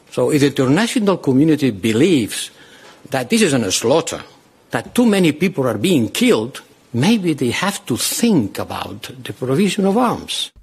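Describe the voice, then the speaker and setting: Man, politician, husky voice, animated pitch, emphatic, rhetorical questions. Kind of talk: press statement.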